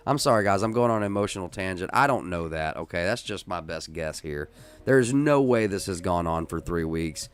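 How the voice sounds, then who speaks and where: A man hosting a casual live-stream podcast, who talks in an emphatic, rambling way with many restarts and works himself up into loud, excited rants. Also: low voice, fairly quick, clean tone, soft background music. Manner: rises into loud, excited ranting. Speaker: podcast host.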